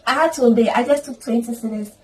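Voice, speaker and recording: A woman's voice: fairly high pitch, fast, a little hiss or hum. A woman telling a personal story in a vlog, earnest and emotional, with prayerful asides. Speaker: storytime vlogger. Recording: voice at a distance from the mic with faint ambience.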